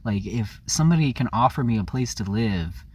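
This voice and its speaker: In a darkish, slightly rough mid-range voice, a man tells an animated, fairly quick personal story on his vlog. It's rambling and openly confessional, full of self-corrections, returns to earlier points and frequent "like."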